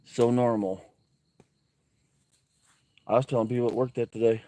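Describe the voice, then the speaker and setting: A man talking to viewers on a camping livestream outdoors, heartfelt and openly thankful, with a mid-pitched everyday voice. He talks easily and plainly, reading out comments as they come in. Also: fairly even intonation, normal speed, mellow. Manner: earnest, emotional, thankful, reads viewer comments aloud. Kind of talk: casual livestream chat. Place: outdoors at a woodland campsite.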